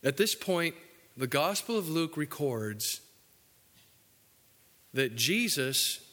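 A male pastor preaching a folksy, joking sermon, dropping low and soft for the solemn points. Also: big pitch swings, takes it slowly, long reverb tail.

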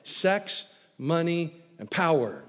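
A man preaching a sermon emphatically, swinging from loud declarations to hushed lines. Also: on the high side, sing-song, takes it slowly. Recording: long hall reverb.

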